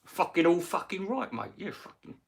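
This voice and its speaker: Man imitating a swaggering boxer, profane, slurred, loud and pitched up. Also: very animated, moderate pace, gravelly, breathy edge, full character voice. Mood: brash. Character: swaggering, swearing adult male boxer.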